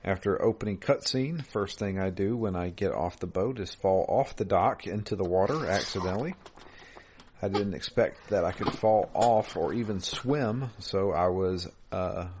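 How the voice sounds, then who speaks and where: Man, very low voice, relaxed, chuckling, podcast co-host, casual game talk. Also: normal speed, noisy background. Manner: relaxed, chuckles often, restarts sentences. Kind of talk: casual gaming podcast chat. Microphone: remote call mic.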